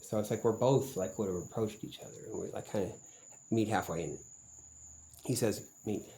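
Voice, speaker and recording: A man's voice: lowish voice, moderate pace, creaky, warm tone, poor audio. A man vlogging in a rambling, profane monologue, full of fillers and suspicion.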